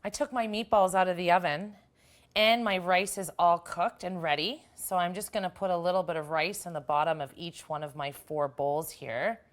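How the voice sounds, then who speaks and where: A woman's voice: lowish voice, fairly even intonation, normal speed. Upbeat woman hosting a cooking show. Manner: chatty, upbeat, talks while working. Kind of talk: casual cooking demonstration.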